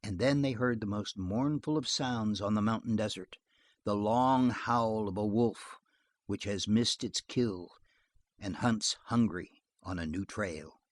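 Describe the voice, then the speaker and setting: An audiobook narrator reading a western novel aloud in an expressive storytelling manner. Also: mid-range voice, unhurried, no echo.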